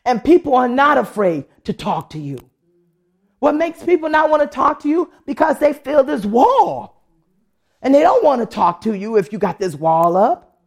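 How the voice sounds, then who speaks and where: A woman's voice: high-pitched, big pitch swings, moderate pace, creaky, a little mellow. A woman pastor preaching a sermon, telling a testimony and acting out the voices of people she quotes. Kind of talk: sermon with storytelling.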